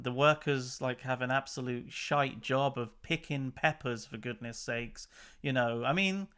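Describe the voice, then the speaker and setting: A man's voice: mid-range voice, a bit bright, clear, resonant tone. A man hosting a channel, chatting casually and with exasperation as he comments on news clips. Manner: chatty and exasperated, laughs between remarks. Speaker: channel host.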